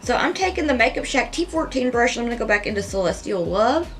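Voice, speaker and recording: A woman's voice: a little high, lively intonation, quick pace, slight background noise. Chatty woman rambling through makeup. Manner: rambling, chatty and heartfelt, with frequent "like" and soft laughs. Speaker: makeup vlogger. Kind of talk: casual makeup tutorial chat.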